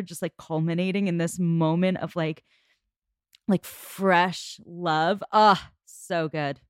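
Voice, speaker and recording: Female podcast guest, lower pitch, dry mic; effusive casual chat. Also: clear, resonant tone, no echo. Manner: effusive, gushes over scenes.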